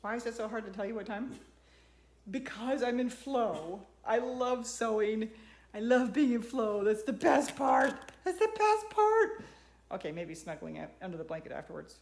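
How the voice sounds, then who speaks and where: A sewing channel host talks chattily to her dog during a casual tutorial at home. Her voice is on the high side and a little mellow, at a moderate pace with a roomy sound.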